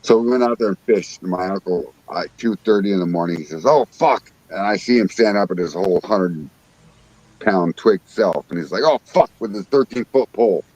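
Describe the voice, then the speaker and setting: A man's voice: deep voice, brisk, no room sound, rough recording. A man telling casual fishing stories as a guest, enthusiastic and swearing freely. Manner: enthusiastic, profane, animated storyteller. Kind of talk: casual chat, storytelling.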